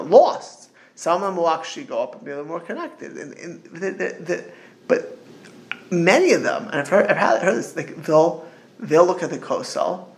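Rambling gravelly middle-aged man teaching. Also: fairly high pitch. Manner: rambling and digressive, many restarts and storytelling asides. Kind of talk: informal religious talk.

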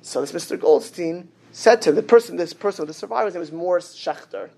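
A man's voice: high voice, brisk, creaky, background noise. A man preaches to his congregation, telling a story and acting out its dialogue with feeling. He teaches as he goes and questions the listeners. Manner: animated storyteller, acts out the dialogue. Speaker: rabbi. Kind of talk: sermon with storytelling.

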